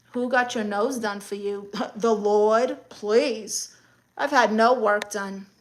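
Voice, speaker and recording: A woman's voice: mid-range voice, steady tone, extremely slow. A woman from Brooklyn with a New York accent, casually chatting on a livestream and reading viewer comments in a sassy, teasing way. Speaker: livestream host.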